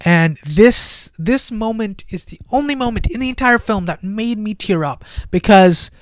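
Excitable man reviewing a film. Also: high-pitched, normal speed, no room sound, studio quality. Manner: animated, swings between loud excitement and hushed near-whispers. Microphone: headset.

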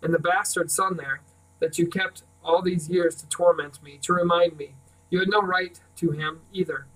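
A man reading aloud, voicing a bitter, jealous middle-aged farmer who sneers and rushes his angry words. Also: sits high, steady tone, a bit bright, recorded from a distance, low-quality recording. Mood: scornful. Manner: sneering, rapid angry outbursts.

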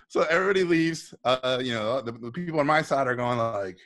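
A man's voice: medium pitch, lively intonation, fairly quick, few pauses, fairly bright tone. A middle-aged man, a guest on a live video call, telling stories animatedly, acting out quoted voices and swearing freely. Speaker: guest speaker. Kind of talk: casual storytelling on a live video talk.

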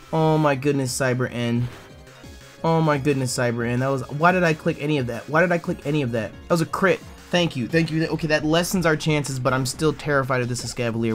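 A young man giving casual, profane let's play commentary, bursting into loud yells. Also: medium pitch. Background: faint game music.

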